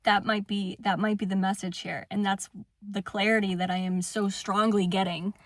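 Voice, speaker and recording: A young woman in an impassioned personal monologue, swearing fiercely, swinging between shouting and hushed calm. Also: medium pitch, moderate pace, no room sound, studio quality. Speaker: spiritual vlogger.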